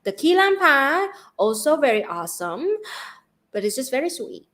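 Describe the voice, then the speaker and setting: Lively Vietnamese-accented woman host. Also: high-pitched, moderate pace. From Central Vietnam. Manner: bubbly, laughs often, reads donation questions. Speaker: livestream host. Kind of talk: casual livestream chat.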